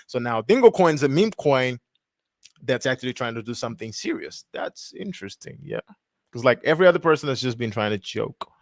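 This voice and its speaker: A man's voice: mid-range voice, no room sound, clean studio sound. A young man hosting a crypto livestream, thinking aloud in a rambling way and reading web text aloud with stumbles and restarts. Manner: rambling, self-correcting, reads text aloud haltingly. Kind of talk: casual thinking-aloud screen review.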